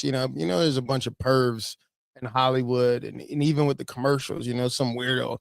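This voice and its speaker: A man's voice: medium pitch, fairly even intonation, fairly quick, creaky, dry recording, studio quality. A man, a pastor, giving blunt, preachy commentary on videos.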